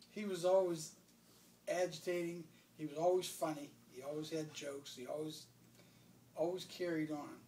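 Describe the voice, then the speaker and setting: A man's voice: on the high side, fairly even intonation, unhurried, long pauses, dark tone, echoey room. A man telling a funny childhood story in casual conversation, often breaking into laughter. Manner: laughs a lot while telling a family story. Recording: distant mic with faint background noise.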